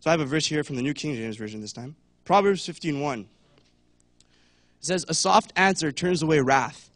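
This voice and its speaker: A man's voice: fairly high pitch, lively intonation, moderate pace, pauses often, fairly bright tone, no echo. A young man giving a casual talk at church, chatty, with many fillers, and acting out voices now and then. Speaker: church speaker.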